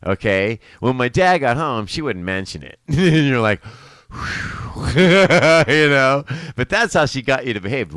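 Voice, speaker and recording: A man's voice: mid-range voice, lively intonation, unhurried, fairly bright tone, smooth, no echo. A middle-aged man telling family stories to a live stream, rambling, laughing often and correcting himself as he goes. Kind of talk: casual storytelling to a live stream.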